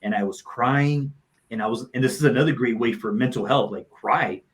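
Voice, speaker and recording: A man speaking as a motivational coach and guest on a live talk show, sharing personal stories with earnest feeling. His voice sits at an ordinary middle pitch for a man. He leans on repeated phrases to drive each point home. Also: normal speed, rough recording. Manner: heartfelt, repeats phrases for emphasis.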